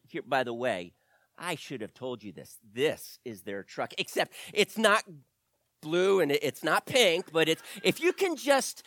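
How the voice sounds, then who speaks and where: Man storyteller for children; high, very animated, close dry recording. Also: dry recording. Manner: animated, pauses and asides to listeners.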